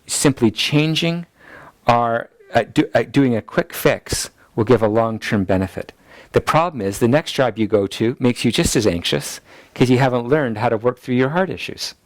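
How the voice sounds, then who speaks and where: A man of ordinary pitch gives a ministry school lecture, repeating key points so listeners can take notes. He acts out people's anxious inner voices as quotes, and the sound is dry and close with no room echo.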